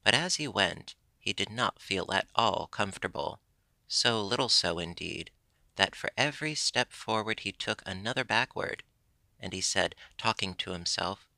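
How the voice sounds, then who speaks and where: A man reading a classic children's story aloud as an audiobook narrator, steady and measured. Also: on the low side, vocal fry, no echo.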